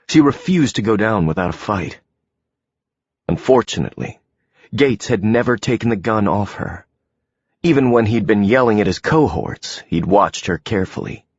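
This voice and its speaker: A man narrating an audiobook in a measured, deliberate way. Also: lowish voice, breathy edge, no room sound. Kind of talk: scripted narration. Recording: dull, dry, lo-fi audio.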